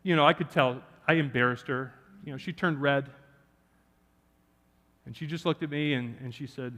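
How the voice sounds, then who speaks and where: In a church sanctuary with hall reverb, a man preaches a sermon, sharing a personal story and joking with the congregation in an animated way. His voice is medium-pitched at a normal pace, with frequent pauses.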